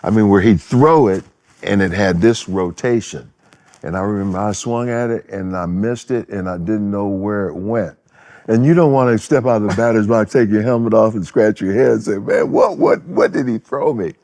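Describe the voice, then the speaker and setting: A man's voice: fairly low pitch, moderate pace. A man in his seventies telling stories as an interview guest, acting out quotes and laughing as he goes. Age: 70s. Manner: animated storyteller who acts out quotes and laughs. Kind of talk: casual interview storytelling.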